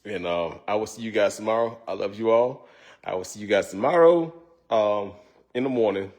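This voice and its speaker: A man's voice: fairly low pitch, moderate pace, a little mellow. A man hosting a casual cooking livestream, joking and laughing often as he chats to viewers. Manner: loose, joking, laughs often, says y'all. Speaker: cooking show host.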